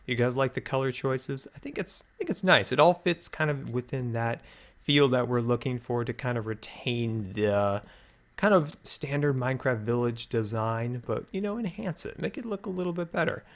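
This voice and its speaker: A man's voice: mid-range voice, lively intonation, moderate pace. A man hosting a building-game video, chatting upbeat and thinking aloud as he plays, a little out of breath. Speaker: host. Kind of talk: Minecraft let's play commentary.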